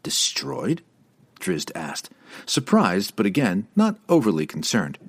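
A male narrator reads a fantasy novel with a dramatic, expressive delivery. His voice is lowish and a little husky, and it moves lively up and down through each sentence. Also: unhurried. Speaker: audiobook narrator.

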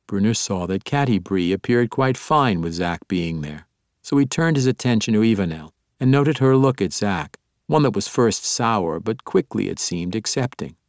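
A man narrating an audiobook in a steady, even storytelling manner. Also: low-pitched, dry recording, clean studio sound. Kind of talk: scripted narration.

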